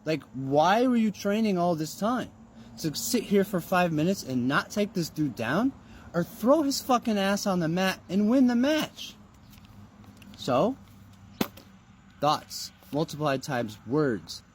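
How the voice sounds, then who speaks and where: A man's voice: high voice, big pitch swings, takes it slowly, a little hiss or hum. A man giving a motivational monologue in an emphatic, preachy way, with rhetorical questions and some swearing.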